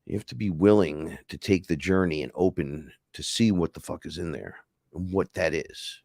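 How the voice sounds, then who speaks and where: A man's voice: low-pitched, normal speed, gravelly, darkish tone, dry recording, clean studio sound. A man hosting a casual livestream, talking in a heated, rambling, profane way. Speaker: podcast host.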